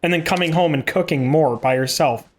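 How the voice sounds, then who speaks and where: A man's voice: on the high side, a little fast. A young man co-hosting a casual podcast, sarcastic and blunt, swearing freely. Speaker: podcast co-host. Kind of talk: casual chat.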